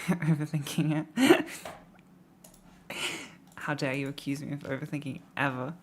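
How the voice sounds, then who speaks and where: A young adult streamer from the Midlands with an English accent chats casually, reacting to tips in a rambling, self-deprecating style and laughing a lot. His voice is medium-pitched and steady, a touch slow, with slight background noise.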